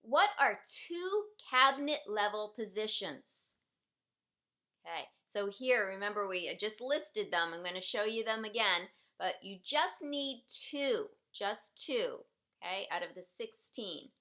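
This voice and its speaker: A woman's voice: mid-range voice, animated, a little slow, bright, forceful tone. A woman teaching a citizenship preparation class, patiently repeating each question and sentence so learners can follow. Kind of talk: slow, clearly enunciated teaching.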